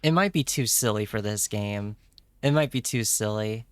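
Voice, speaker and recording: A man streaming a story game live, reacting in a playful, excitable way with jokey asides. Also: on the low side, normal speed, clean tone, no echo. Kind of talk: live playthrough commentary.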